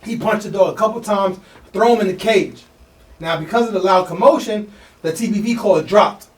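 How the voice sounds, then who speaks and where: A man co-hosting a podcast, telling a story in a fast, slangy, animated way and acting out the voices of people in it. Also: sits high. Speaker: podcast co-host. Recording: echoey room, mic at a distance.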